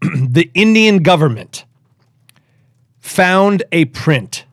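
A man in his forties hosting a podcast, telling a personal story in a lively, casual way, acting out quotes and repeating himself. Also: fairly high pitch, extremely slow, dry recording, studio quality. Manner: animated, acts out quotes, repeats words. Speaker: podcast host.

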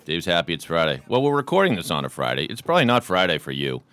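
Very deep-voiced Boston man hosting a podcast. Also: wildly swooping pitch, fast talker, fairly bright tone, dry recording, faint music behind. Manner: joking, rambling, swears casually. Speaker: podcast host. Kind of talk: casual chat.

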